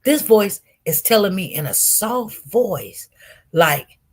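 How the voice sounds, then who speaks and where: A woman telling viewers a personal testimony with great intensity, swinging from loud outbursts to hushed murmurs and often repeating herself. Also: mid-range voice, animated, takes it slowly, slightly rough. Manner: repetitive, restarts. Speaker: online show host.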